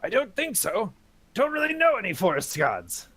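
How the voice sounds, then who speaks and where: A man playing in a tabletop game, giving short deadpan replies. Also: high voice, moderate pace, breathy edge. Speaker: player. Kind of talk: casual tabletop play.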